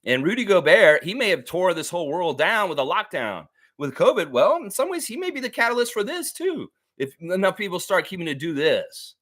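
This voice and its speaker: A man's voice: sits high, big pitch swings, brisk, few pauses, fairly bright tone. Fired-up man ranting on a sports stream. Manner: heated, profane ranting; repeats lines for emphasis. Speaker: sports show host. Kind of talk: live-stream sports commentary.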